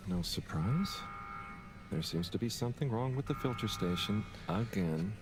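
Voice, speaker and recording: An actor playing a gentle, awkward young man in a video game, hesitant and polite, with frequent sneezes. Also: fairly low pitch, lively intonation, unhurried, over music. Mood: weary.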